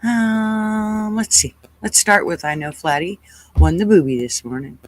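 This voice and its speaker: Easygoing stream host, slow and relaxed, friendly greetings, mid pitch, dead-dry room. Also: dry recording, low-quality recording. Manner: relaxed, chatty, greets viewers by name. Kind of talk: casual livestream chat greeting viewers.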